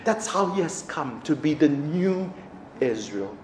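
A man preaching a sermon as a pastor, telling a story in an animated way with big swings from loud to hushed. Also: a little high, a little slow, reverberant, a little hiss or hum.

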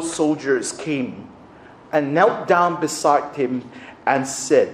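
A man preaching a sermon in an auditorium, swinging between loud emphasis and hushed, drawn-out phrases. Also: a little high, animated. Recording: roomy echo, faint background noise.

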